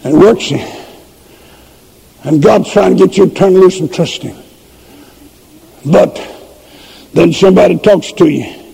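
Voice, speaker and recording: A man preaching a fiery revival sermon at a church service, often shouting his points. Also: high-pitched, unhurried, creaky, long pauses, husky. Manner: shouting, preaching with rising emphasis. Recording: long reverb from a church hall.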